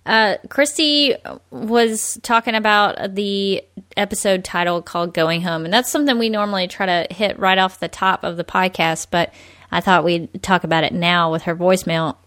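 A woman co-hosting a podcast, talking casually and laughing as she goes. Her voice sits on the lower side, and the recording is dry with no room sound. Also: normal speed, a bit bright, dry recording. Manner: chatty, laughs often, many likes and ums. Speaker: podcast co-host.

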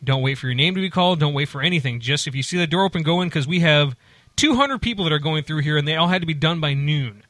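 A man with a bright, forceful voice tells a casual story in a dry, close-sounding room. He rambles and restarts, slipping into quick voices for the people he quotes. His pitch sits a little high for a man. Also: no room sound. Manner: rambling, animated, many restarts and acted-out quotes.

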